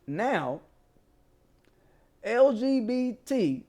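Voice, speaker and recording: A man hosting a casual commentary show, telling a story in a profane, animated way and laughing as he goes. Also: very high voice, drawn-out words.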